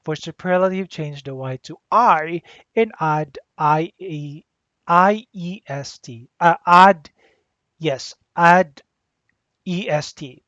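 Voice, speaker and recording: A teacher giving a grammar lesson, deliberately spelling out letters and repeating the rules. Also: mid-range voice, a bit bright, no room sound. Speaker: English teacher. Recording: dull lo-fi dry recording.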